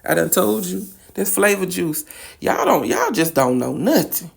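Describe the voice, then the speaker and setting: A woman's voice: on the low side, sing-song, unhurried, vocal fry. A woman with a Louisiana accent, chatting sassily while demonstrating a recipe in a home kitchen. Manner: sassy, chatty, coaxing. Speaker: home cook. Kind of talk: cooking demonstration. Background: faint sizzling pan.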